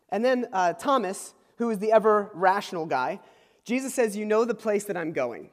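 High-voiced preacher in a reverberant hall. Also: male voice, expressive, normal speed. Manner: informal, checks in with "okay?" asides; chuckles while explaining. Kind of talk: conversational sermon.

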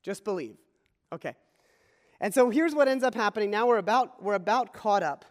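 High-voiced male pastor in a reverberant hall. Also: lively intonation, moderate pace. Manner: conversational, repeats key phrases. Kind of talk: sermon.

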